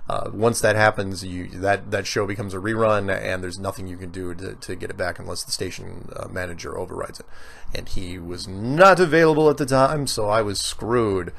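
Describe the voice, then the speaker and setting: A man's voice: low-pitched, fairly even intonation, moderate pace, creaky, a bit bright. A middle-aged American man hosting a casual solo podcast, reading out listener emails and rambling through his answers with lots of fillers and restarts. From United States.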